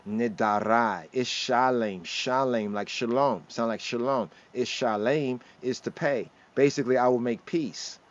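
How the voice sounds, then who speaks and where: A man's voice: medium pitch, unhurried, hardly any pauses, lo-fi sound. A man teaching scripture on a livestream, going verse by verse, sprinkling in Hebrew words and often asking "right?".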